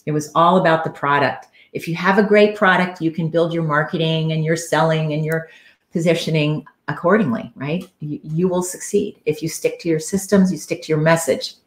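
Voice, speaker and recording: A woman's voice: low-pitched, steady tone, moderate pace, reverberant. A woman coach giving an earnest, conversational solo talk on a live stream, with frequent fillers.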